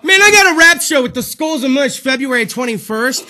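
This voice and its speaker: A man hosting a comedic live-stream talk show, loud, crude and rambling, a little out of breath. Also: extremely high pitch, expressive, a little fast. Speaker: podcast host.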